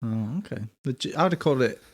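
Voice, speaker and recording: A man's voice: mid-range voice, lively intonation, fast. A man co-hosting a comedy podcast, bantering playfully in a casual chat. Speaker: podcast co-host.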